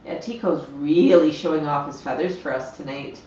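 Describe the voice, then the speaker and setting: A woman's voice: sits low, moderate pace, mellow, slight background noise. A woman hosting a casual livestream, chatting about her pet parrots and explaining their habits while she talks to the birds. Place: home room with parrots. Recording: echoey, slightly dull lo-fi sound.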